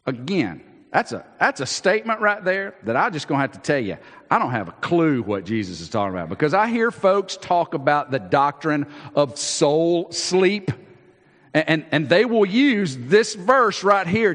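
A man, a pastor preaching a sermon, animated and acting out the Bible scenes he tells, with frequent restarts. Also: high voice, unhurried. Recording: long reverb of a large hall.

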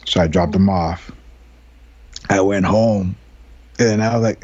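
Guy on a podcast, mellow husky voice, rambles, swears a lot, kinda muffled audio. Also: sits low, fairly even intonation, slow, pauses often, no room sound. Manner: rambling storyteller, laughs often, swears freely. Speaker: podcast host. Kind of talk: casual chat. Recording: dull lo-fi sound.

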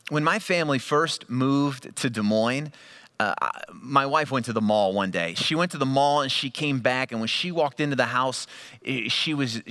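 Animated bright-voiced man preaching. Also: mid-range voice. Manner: animated storytelling, voice rising with excitement; conversational, with quoted asides and fillers. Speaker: pastor. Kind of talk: sermon.

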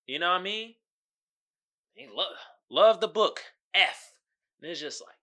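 A man's voice: sits high, animated, moderate pace, pushed and bright. A man hosting his own podcast, talking casually in slangy commentary and often asking "you feel me.". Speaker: podcast host.

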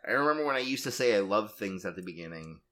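Man from Canada, goofy, rambling, lively up-and-down pitch, casual podcast. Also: fast talker. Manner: goofy, rambling, laughs a lot. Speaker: podcast co-host. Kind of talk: casual chat.

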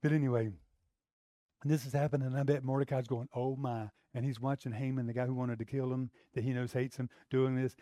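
A male preacher giving a sermon, retelling a story with animated energy that swings between quiet and loud. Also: mid-range voice, fast talker, dry recording, studio quality.

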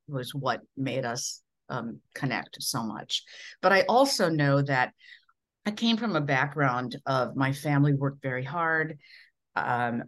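A middle-aged woman from Minnesota, a veteran television newscaster, telling stories from her career in an earnest way. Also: extremely low pitch. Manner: earnest, with frequent restarts and quoted dialogue. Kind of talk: reflective storytelling in an interview.

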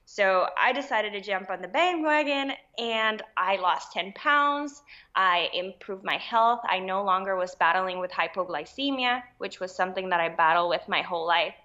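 A woman's voice: medium pitch, lively intonation, moderate pace, bright, forceful tone, lo-fi sound. A woman from Rico, chatting casually as a podcast guest, laughing easily. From Puerto Rico. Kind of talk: casual interview chat.

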